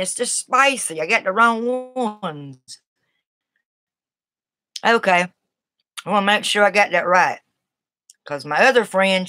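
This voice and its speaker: A woman's voice: mid-range voice, fairly bright tone, dry recording. A woman from the Southern US with a Southern accent, rambling in a folksy way as she chats live with her viewers and answers their comments. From Southern United States. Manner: rambling, folksy, reacts to chat. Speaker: live streamer. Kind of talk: casual live-stream chat.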